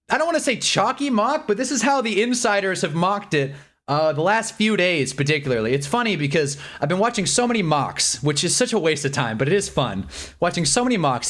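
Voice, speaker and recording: Stream host, excitable man with a high, very lively voice, rambling. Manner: excitable, rambling, laughs often. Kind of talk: live draft reaction stream.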